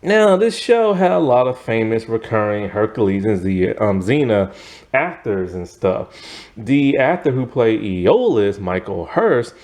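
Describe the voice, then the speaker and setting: A man talks through a TV series review in a loose, rambling way, with plenty of fillers and laughs along the way. His pitch swings up and down a lot. He takes his time and speaks at an unhurried pace. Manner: rambling and animated, heavy on fillers, laughs often. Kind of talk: casual spoken video review.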